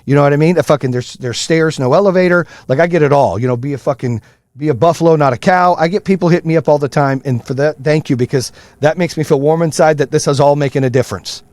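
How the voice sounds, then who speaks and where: A man's voice: on the high side, quick pace, darkish tone, no room sound, clean studio sound. A middle-aged man hosting his own podcast, ranting with heavy swearing in a fired-up motivational style. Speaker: podcast host. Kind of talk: profane motivational rant.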